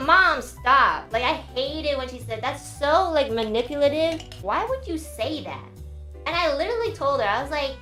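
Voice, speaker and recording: A young woman streamer telling a story in a casual, animated, exasperated way, with lots of fillers. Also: sits high, normal speed. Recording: roomy echo with faint music behind.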